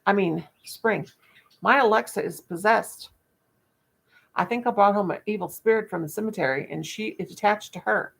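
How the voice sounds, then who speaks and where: A woman's voice: medium pitch, moderate pace, vocal fry. An older woman, hosting a casual livestream chat with viewers, folksy and self-mocking, laughing at her own jokes. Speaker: livestream host.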